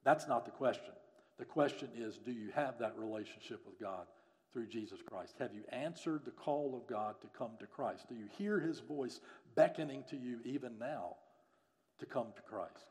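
A man preaching a sermon as a church pastor, earnest and pleading, who builds up to loud, emphatic peaks and then drops low again. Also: normal speed. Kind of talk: sermon and closing prayer.

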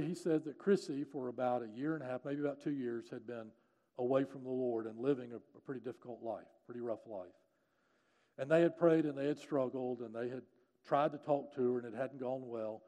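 A male pastor with a fairly high, mellow voice delivers an earnest sermon. He swings between urgent, rising emphasis and hushed, low moments. The sound carries a long church-hall reverb. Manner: earnest, building to urgent emphasis, then dropping soft. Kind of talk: sermon with storytelling and prayer.

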